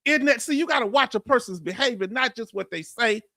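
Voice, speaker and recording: Southern Texan man hosting a livestream, high voice, dry close mic, talks blunt and direct to chat. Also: lively intonation, brisk, sharp tone, no room sound. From Houston, Texas. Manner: blunt, straight-talking, addresses chat directly. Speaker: livestream host.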